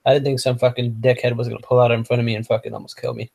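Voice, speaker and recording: A man's voice: medium pitch, flat delivery, racing, creaky, hardly any pauses, mellow. Man host, casual hangout talk: profane, rambling, trips over words now and then. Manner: profane, rambling, full of fillers; sometimes stumbles over words. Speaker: motovlog host.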